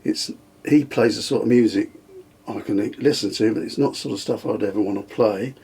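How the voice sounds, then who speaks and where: Older man, husky and halting. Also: on the low side, warm tone. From England. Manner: hesitant, many ums and restarts, chuckles often. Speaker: interviewee, the host's father. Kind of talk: casual reminiscing interview.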